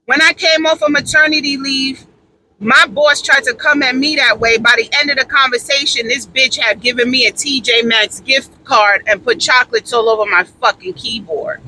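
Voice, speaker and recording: A woman's voice: sits high, steady tone, normal speed, bright, forceful tone, slight background noise, rough recording. A woman giving her candid opinions in a brash, profane, emphatic way, repeating phrases for emphasis and laughing easily. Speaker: podcast talker.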